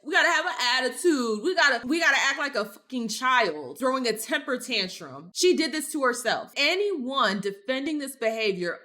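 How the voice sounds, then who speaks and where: A woman's voice: a little high, bright, forceful tone. A woman giving blunt, exasperated reaction commentary, swearing freely. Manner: blunt, exasperated, profane ranting. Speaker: commentary vlogger.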